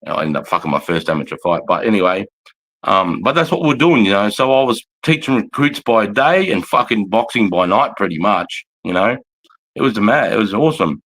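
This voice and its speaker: A man's voice: lowish voice, lively intonation, brisk, a bit bright. Blunt, foul-mouthed Australian man. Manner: blunt, heavily profane, rambling. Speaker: army veteran livestreamer. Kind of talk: casual storytelling on a livestream.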